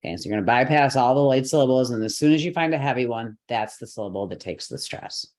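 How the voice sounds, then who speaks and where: Teaching chant online, this male yoga and mantra instructor walks through the rules patiently, one step at a time, with occasional light laughter. He talks fast in a mid-range, darkish voice with lively intonation.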